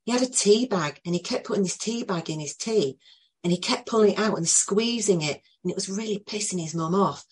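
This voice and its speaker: A woman telling an emotional personal story to a group, earnest and full of pauses. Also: medium pitch, husky. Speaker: group participant sharing a story.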